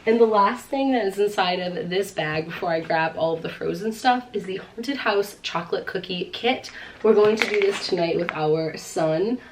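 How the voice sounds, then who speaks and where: A woman's voice: medium pitch, normal speed, background noise. A pregnant young woman chatting at home through a casual haul vlog, gushing with lots of fillers and short of breath. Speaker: vlogger.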